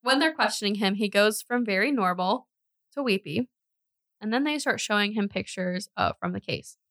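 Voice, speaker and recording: Podcast lady telling a true crime story, giggles through the dark bits, dry close sound. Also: medium pitch, animated, normal speed, dry recording. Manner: laughs often while telling grim details.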